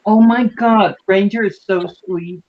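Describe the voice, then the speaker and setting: An older woman hosting a casual video chat, talking quickly and bluntly. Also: mid-range voice, fairly even intonation, lo-fi sound. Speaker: host.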